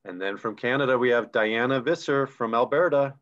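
A man's voice: medium pitch, fairly quick, fairly bright tone. A man co-hosting a live online recognition event, reading names and chatting enthusiastically about ranks over a video call. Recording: dull lo-fi video call audio.

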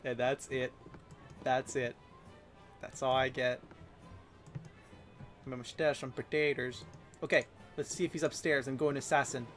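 A man's voice: medium pitch, level tone, measured pace, long pauses, a bit bright, faint music behind. A young man giving playful, chatty let's play commentary as a streamer, laughing often.

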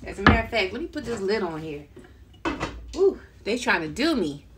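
Brief: middle-aged woman, casual kitchen livestream host, talkative, loud chopping and clatter behind her. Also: mid-range voice, very animated, fairly quick, heavy background noise. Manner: chatty, talks to viewers while chopping, laughs often. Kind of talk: casual cooking livestream chat. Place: home kitchen.

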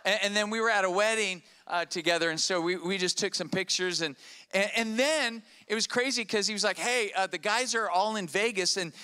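A middle-aged man preaching a storytelling sermon from a church stage, animated and often repeating himself while checking in with the congregation. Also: high voice, fairly quick, clean tone. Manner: animated, repeats words and checks in with "all right?". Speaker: pastor.

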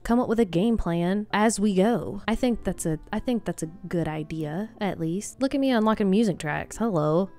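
A woman's voice: mid-range voice, moderate pace, few pauses, warm tone, faint music behind. Chatty self-mocking woman gaming host. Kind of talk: casual gameplay commentary.

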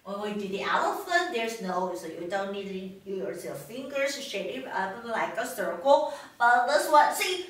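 A woman reading a picture book to young children, teaching animal names with slow repetition for them to echo. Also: mid-range voice. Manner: slow, lively, repeats words for children to echo. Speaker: storytime teacher. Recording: echoey, distant, noisy room.

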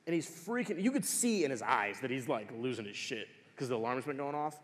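A man giving a conference talk as casual, profane storytelling, animated and swearing freely. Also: medium pitch, fairly quick. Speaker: conference speaker. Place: large conference hall. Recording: long hall reverb.

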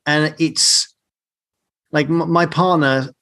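A man's voice: a little high, steady tone, a bit bright. A male podcast host in reflective conversation, speaking thoughtfully and often ending with "right?". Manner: thoughtful, drawn-out phrasing, asks tag questions. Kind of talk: reflective interview chat.

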